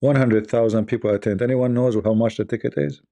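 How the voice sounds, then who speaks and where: Scornful gravelly-voiced male commentator. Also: mid-range voice, steady tone, a little fast, warm tone. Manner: scornful, rhetorical questions, repeats himself. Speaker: online commentator. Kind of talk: casual live-stream commentary.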